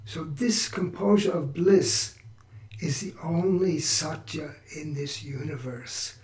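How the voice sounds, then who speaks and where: A man hosting a spiritual podcast, talking through teachings in a relaxed, reflective way with frequent restarts. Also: fairly high pitch, slow, far from the mic. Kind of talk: spiritual talk. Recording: echoey room, voice from off-mic.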